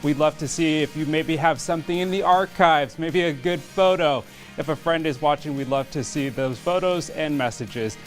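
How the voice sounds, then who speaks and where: A man's voice: a little high, normal speed, faint music behind. A man co-anchoring a morning news show, reading segments and chatting in a friendly, easygoing way.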